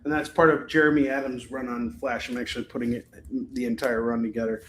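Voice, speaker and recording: A man's voice: mid-range voice, flat delivery, quick pace, slight background noise. A man hosting a live comic-book sales stream, chatting casually, rambling and swearing freely as he prices each book. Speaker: live shopping stream host selling comics. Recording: echoey room.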